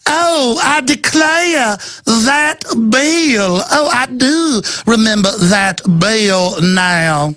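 A man's voice: very high voice, expressive, very slow, few pauses, sharp tone, pitched above the performer's own voice, heavily acted. A man putting on an evasive male bill author with an affected, exaggerated fake Southern drawl, as mockery. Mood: mocking drawl.

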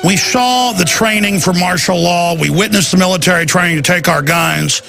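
A middle-aged man hosting a talk radio show, ranting rapidly and with great passion. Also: high voice, creaky, music in the background.

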